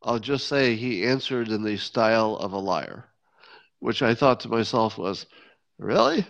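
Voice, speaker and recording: A man's voice: on the low side, measured pace, fairly bright tone. A man hosting a podcast in casual solo commentary, wry and sardonic, often restarting sentences. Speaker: podcast host. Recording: dull lo-fi sound.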